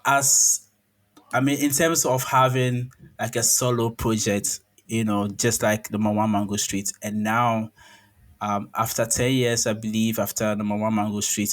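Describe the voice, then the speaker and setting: A man hosting a podcast, introducing a guest in a rambling, hesitant way with lots of fillers. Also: on the low side. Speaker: podcast host.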